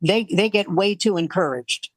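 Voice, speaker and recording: An older man in his seventies or beyond, a veteran comic, rattles off club stories in a casual, animated way. He slips into the voices of the people he quotes. The sound is dry and close. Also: high-pitched, moderate pace, no room sound. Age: 70s or older. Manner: animated storyteller who acts out quoted voices. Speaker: veteran comedian guest. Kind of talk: casual anecdote telling.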